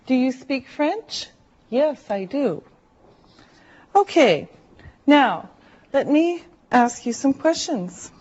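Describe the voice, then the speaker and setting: A woman teaching an English class, speaking slowly and deliberately and drawing out words for her learners. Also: high-pitched, big pitch swings, darkish tone. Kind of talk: slow classroom instruction. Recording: dull lo-fi classroom recording.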